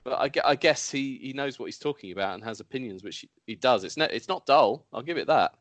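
A man hosting a relaxed panel chat, his pitch rising and falling with lively energy. He teases his guests and laughs a lot. The sound is dry and close. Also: quick pace, no echo. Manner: lively, laughs often, teasing. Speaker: host.

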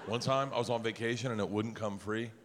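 A man doing stand-up storytelling on stage, animated and slipping into voices for the people he quotes. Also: fairly low pitch, brisk, background noise. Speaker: stand-up comedian. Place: large theater stage before a live audience. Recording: live concert hall with long reverb.

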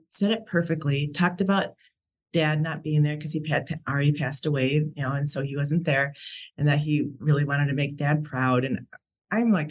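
A woman, a podcast guest, telling a heartfelt personal story about her brother and often laughing between sentences. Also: low-pitched.

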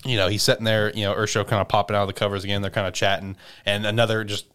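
Rambling man with a smooth, low voice. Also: level tone, racing, fairly bright tone. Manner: rambling recap, full of "you know" and "like". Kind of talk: casual chat.

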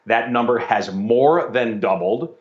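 A man appearing as a guest commentator on a political show, arguing in a measured way and citing figures. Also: medium pitch, lively intonation. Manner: measured, argumentative, citing numbers. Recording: echoey, dull remote line.

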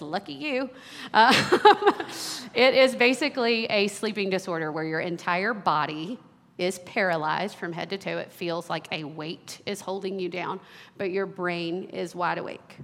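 A woman in her thirties, a worship leader, telling a personal story in a sermon with earnest warmth and small laughs. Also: on the low side. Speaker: worship leader giving a talk. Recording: long hall reverb.

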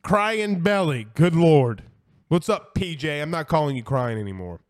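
A college football show host with a slightly high-pitched voice runs a casual live stream, reading viewer comments at a moderate pace. He's blunt and animated, repeats himself for emphasis, and occasionally curses, then apologizes.

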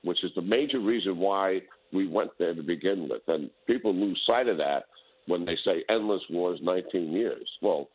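A very deep-voiced man speaks as a guest on a tinny phone line. He is a general, and his talk is measured, firm and deliberate. Each point comes out slowly and with weight. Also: animated, husky. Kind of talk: phone interview.

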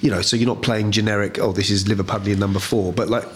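A male actor in an interview, thoughtful and animated, often correcting himself. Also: fairly low pitch, quick pace.

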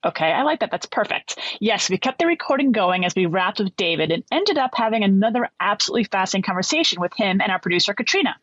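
A woman co-hosting a podcast, earnest and friendly. Her voice is mid-pitched with a slightly husky edge, recorded close and dry. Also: lively intonation, fast, hardly any pauses, a bit bright, no room sound, highs cut off. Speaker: podcast co-host. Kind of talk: podcast intro and casual chat.

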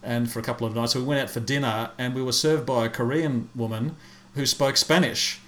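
A man's voice: mid-range voice, fairly even intonation, a little fast, fairly bright tone. Hesitant man chatting casually. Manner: chatty, hesitant, stumbling over words. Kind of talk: casual chat.

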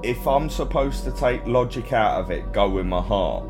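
A man's voice: lowish voice, expressive, music in the background. A man co-hosting a podcast in casual chat, telling stories against himself with a laugh. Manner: self-mocking storyteller, slow and laughing. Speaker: podcast co-host.

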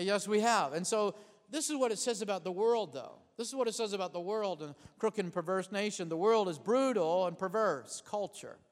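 A pastor preaches a sermon in a high, bright voice that rings through a hall with a long reverb tail. He repeatedly calls for amens in call-and-response fashion and repeats key phrases, shifting between fast bursts and slow, emphatic lines.

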